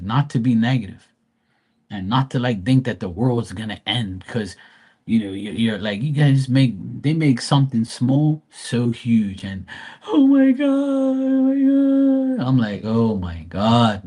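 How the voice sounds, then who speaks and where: A middle-aged man live-streams from home beside a running dryer, ranting casually and profanely to viewers about his worrying parents. His voice is medium-pitched and slightly rough. He tells it in an exasperated, animated way.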